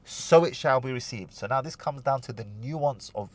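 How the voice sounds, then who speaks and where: A man's voice: medium pitch, moderate pace, no room sound. A man, hosting a casual advice vlog in a playful, slangy way and acting out little quoted voices as he tells a story. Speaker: relationship advice host.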